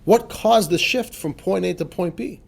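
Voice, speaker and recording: Speaking at a moderate pace in a high, creaky voice, a male rabbi explains a religious text to his class. He keeps things casual and conversational, peppering his talk with "you know" and "right?" and tossing rhetorical questions at the group.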